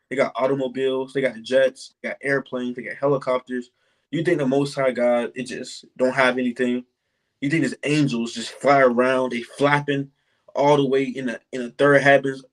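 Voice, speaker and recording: A man in an informal bible study who reads verses aloud slowly and deliberately, then explains them in casual talk. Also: medium pitch, fairly even intonation, low-quality recording.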